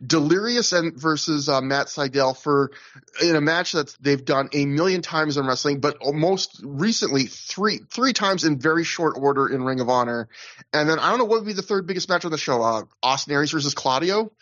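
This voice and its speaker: A man's voice: a little high, lively intonation, moderate pace, fairly bright tone, dull audio. A man hosting a casual podcast, rambling through a recap, often laughing and restarting his sentences. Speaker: podcast host.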